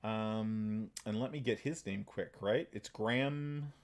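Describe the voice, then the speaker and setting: A man narrating a tabletop game as game master, halting and full of fillers. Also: on the low side, a little mellow.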